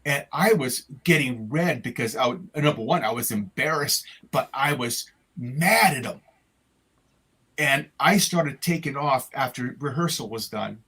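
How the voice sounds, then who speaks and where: An older man with a husky, slightly breathy voice, recounting memories as an interview guest. He tells his stories haltingly, with many fillers and restarts, over a video call. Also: medium pitch, lively intonation, bright, forceful tone, low-quality recording. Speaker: retired music educator, guest. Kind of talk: conversational storytelling.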